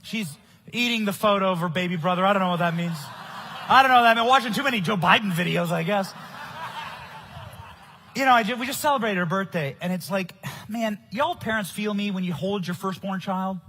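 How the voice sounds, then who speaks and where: A young man giving a loud, emphatic political rally speech at a conference. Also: sits high, fairly quick, slight background noise. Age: young adult. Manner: loud, shouting, emphatic delivery. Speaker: conference speaker. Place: conference stage.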